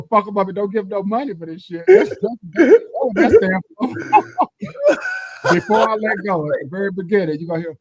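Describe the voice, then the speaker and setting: A man guesting on a podcast, telling lively stories, swearing casually and acting out quotes loudly. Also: high voice, moderate pace, slightly rough, dry recording. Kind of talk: casual storytelling chat.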